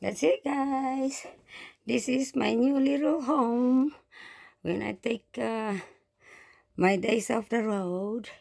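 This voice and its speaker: Speaking slowly with long pauses, this older truck driver from the Philippines has a Filipino accent and a higher, gravelly, slightly mellow voice, recorded with no room sound. Upset, she addresses her viewers directly, repeating "guys" and "okay" in a casual vlog walkthrough that begins outside at a campground and ends inside a small home.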